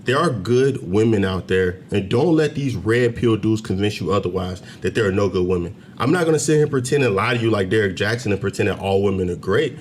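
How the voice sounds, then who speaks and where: A man's voice: fairly low pitch, lively intonation, a little fast, few pauses, a little hiss or hum. Fired-up man preaching to camera. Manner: preachy, emphatic, rising to loud heated peaks. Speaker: commentary channel host. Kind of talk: direct-to-camera commentary rant. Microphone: camera mic, facing camera.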